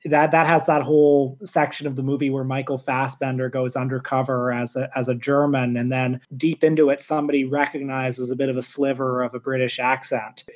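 This man co-hosts a podcast and explains things calmly and at an even pace. His voice sits in an average range for a man. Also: medium pitch. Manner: measured, explanatory. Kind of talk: casual chat.

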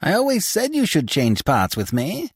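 A mocking young clown of the troupe, played by a male narrator, his voice jumping high and loud as he teases. The storybook reading is dry and close. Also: huge pitch swings, moderate pace, breathy edge, no room sound, heavily acted. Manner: teasing, mocking.

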